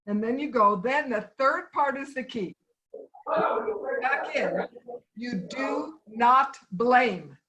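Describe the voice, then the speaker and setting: A woman's voice: on the high side, expressive, slow pace, sharp tone, low-quality recording. A woman trainer teaching anger management in an online session, instructive and stepwise, repeating key points for emphasis over a video call.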